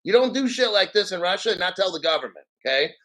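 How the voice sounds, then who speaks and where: A male crypto host rants on his live stream in a brash, mocking manner, swearing freely. His voice sits fairly high for a man. He clears his throat again and again between points. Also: big pitch swings, fast, sharp tone, low-quality recording.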